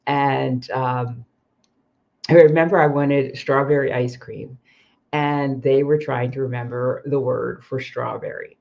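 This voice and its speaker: Her voice sits extremely low, gravelly and a little mellow, as this expat coach hosts a livestream and chats her way through personal stories. She says "um" often and keeps correcting herself, and the livestream sound is slightly muffled.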